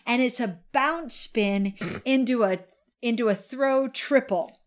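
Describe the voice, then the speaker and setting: A woman's voice: a little high, takes it slowly, a little hiss or hum. A tipsy woman in casual chat, telling a story with animation, laughing often and acting out lines from a movie.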